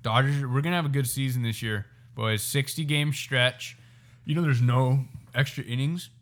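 A man co-hosting a casual chat, loud and laid-back, saying "dude" a lot. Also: medium pitch, fairly even intonation, normal speed.

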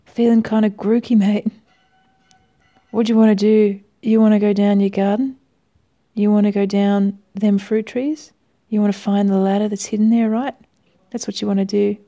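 A woman's voice: medium pitch, level tone, moderate pace, lightly acted. A woman putting on a hearty stage-Australian phone man. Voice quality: loud, boisterous. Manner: pushy, matey.

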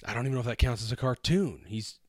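A man's voice: medium pitch, lively intonation, fast, no echo, clean studio sound. A man co-hosting a casual talk show, wry and laid-back as he ranks things and quizzes his friend. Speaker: podcast co-host. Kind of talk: casual banter.

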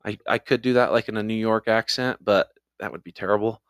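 Relaxed low-voiced male podcast host. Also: a little fast, smooth, no room sound, studio quality. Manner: storytelling, reading listener reviews aloud. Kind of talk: casual podcast chat.

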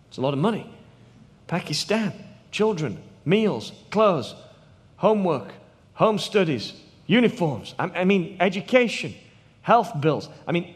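A British missionary in his thirties preaches to a congregation, with a voice that sits a bit higher than most men's. He tells his stories in a lively way, then drops to hushed tones for effect. The sound carries a long reverb from the church hall. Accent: British English. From England. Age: 30s. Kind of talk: sermon.

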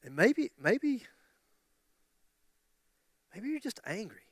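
A man's voice: sits high, sing-song, slow, dry recording, clean studio sound. A man in his fifties preaching a sermon with passion, repeating his phrases and dropping joking asides to the congregation. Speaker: pastor.

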